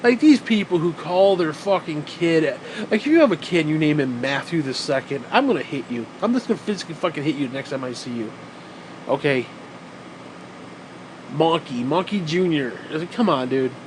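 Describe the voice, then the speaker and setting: A man's voice: fairly high pitch, animated, fairly quick, background noise. Profane, sarcastic man ranting. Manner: profane, sarcastic, rambling rant. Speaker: vlogger. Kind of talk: rambling monologue.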